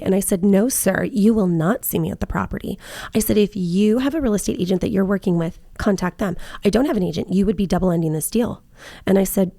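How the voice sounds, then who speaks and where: A woman's voice: medium pitch, a little fast, vocal fry, a little mellow, no echo, clean studio sound. A woman realtor telling work stories in casual chat, acting out both sides of her phone calls. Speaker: realtor and podcast host.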